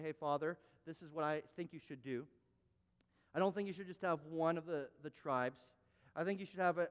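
A man's voice: high voice, fairly bright tone, clean tone, long reverb tail. A pastor preaching a sermon, emphatic, often repeating words and restarting his phrases. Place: church sanctuary.

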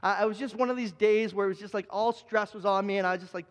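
High-voiced man preaching in a reverberant hall. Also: fairly even intonation, quick pace. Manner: earnest, repeats phrases for emphasis, frequent restarts. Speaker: pastor. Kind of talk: live sermon. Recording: long reverb of a large hall.

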